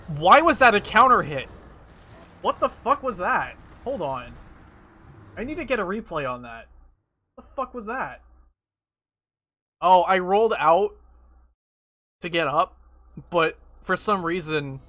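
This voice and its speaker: A man's voice: a little high, sharp tone, slight background noise. A man streaming a game, chatting casually, swearing and putting himself down as he plays. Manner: self-deprecating, swears a lot, frustrated outbursts. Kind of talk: casual gameplay commentary.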